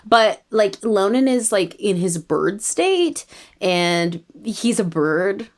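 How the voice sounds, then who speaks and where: A woman's voice: mid-range voice, expressive, takes it slowly. A young Canadian woman in her twenties talks late at night for a writing vlog. She sounds tired and chats casually in a self-mocking way, often sinking into a near-whisper. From Toronto, Canada. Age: 20s. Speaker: writer and vlogger.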